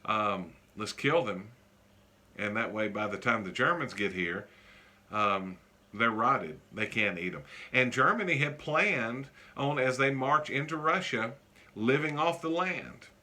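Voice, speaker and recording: A male teacher giving a casual classroom lecture, joking often and pausing on many fillers. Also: mid-range voice, pushed and bright.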